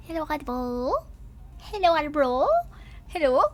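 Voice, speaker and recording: A woman streamer with a very high voice chats to her viewers in a casual live stream. She talks slowly and giggles often, apologizing and stumbling over fillers as she eats and drinks between sentences. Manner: talks while eating and drinking.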